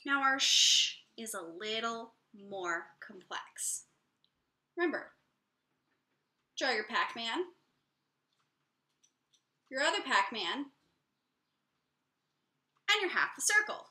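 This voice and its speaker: Bright, lively woman teaching children music. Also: on the high side, echoey room. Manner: slow, clear, encouraging teacher talk to young children.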